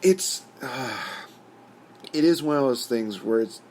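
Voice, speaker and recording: A man's voice: medium pitch, slow, darkish tone, slight background noise. A man hosting his own channel, giving a casual, rambling opinion rant full of "you know" fillers. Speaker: host.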